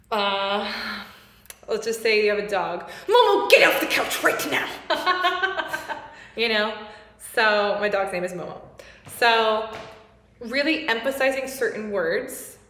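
A woman's voice: mid-range voice, a bit bright, echoey room. A woman teaching a singing lesson, playful and laughing often as she explains and demonstrates. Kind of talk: music lesson.

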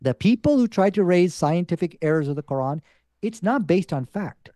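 A man's voice: sits high, expressive, normal speed, dark tone, dry recording, clean studio sound. A man arguing his side in a debate, insistent and repeating his points. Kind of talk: debate argument.

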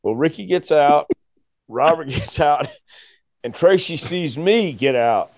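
A man's voice: fairly high pitch, takes it slowly. A man in his sixties, a guest telling a long story in conversation and acting out the other people's voices. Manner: animated storyteller who acts out voices.

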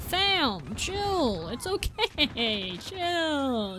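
A woman giving excitable live commentary while playing a shooter game, often apologizing and joking about herself, with game music and gunfire behind her. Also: high-pitched, unhurried, few pauses, noisy background. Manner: excitable, exclaiming and apologizing a lot; self-deprecating joking. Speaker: gaming video creator. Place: at home, seated at a gaming desk.

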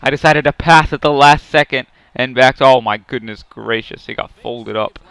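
A man commentating his own hockey video game, muttering play-by-play and then yelling at big plays. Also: medium pitch, moderate pace, gravelly, clear, resonant tone, dry recording. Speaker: gaming YouTuber. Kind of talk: excited play-by-play gameplay commentary.

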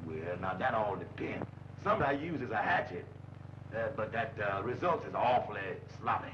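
An actor playing a slow, deadpan roommate who sleepwalks, in a 1940s film comedy. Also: male voice, on the low side, close to an everyday voice. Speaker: comic film character. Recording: dull old film soundtrack with faint hiss.

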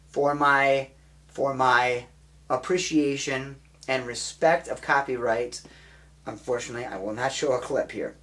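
A man's voice: medium pitch, a bit bright. A man and amateur filmmaker talking casually and enthusiastically about a film he loves, rambling with many restarts. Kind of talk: casual spoken movie recommendation.

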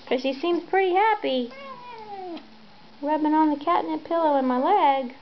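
A woman casually narrating a home video of her pet cat, gentle and chatty, recorded in a room at home on dull, lo-fi audio. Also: high voice, normal speed, slight background noise. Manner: gentle, chatty, soft laughs.

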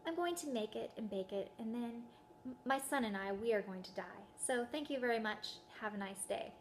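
A woman voicing a weary, destitute widow who speaks plainly and flatly, resigned to her fate. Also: on the high side, brisk, slight background noise, lightly acted. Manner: flat, resigned.

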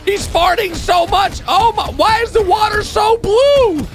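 A man giving excitable reaction commentary to cartoons, exclaiming and shouting often. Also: very high voice, measured pace. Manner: exclaiming, frequent shouts and laughs. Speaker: video reactor. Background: cartoon music and sound effects.

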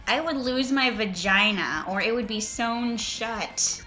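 A woman's voice: fairly high pitch, unhurried, bright, forceful tone, soft background music. A woman on a voice call reads out a badly written story in an exaggerated way. She adds mocking, profanity-laced commentary between the passages. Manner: sarcastic, swearing, breaks into laughter. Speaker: reader and commentator. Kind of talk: mocking dramatic reading with commentary.

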